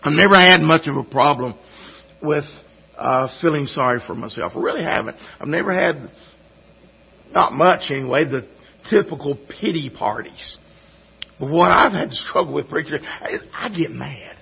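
Gravelly-voiced man preaching a testimony. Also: on the high side, expressive. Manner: halting, repeats words, folksy storytelling. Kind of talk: sermon testimony. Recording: dull lo-fi recording.

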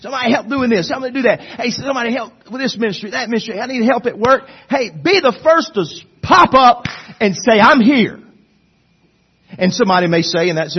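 A man preaching a sermon as a pastor, swinging between soft low asides and loud rising exhortation. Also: brisk, slightly rough, dull audio.

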